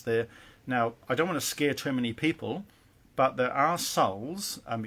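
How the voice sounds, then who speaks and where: A man speaking as a spiritual teacher, talking through advice in a loose, earnest monologue. He rambles, restarts his sentences and leans on fillers, his voice sitting at an ordinary middle pitch. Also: fairly bright tone.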